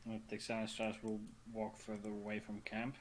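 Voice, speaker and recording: A man's voice: fairly low pitch, completely flat delivery, normal speed, slight background noise. A man playing in a tabletop game, explaining rules and lore matter-of-factly. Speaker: player. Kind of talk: casual tabletop game play.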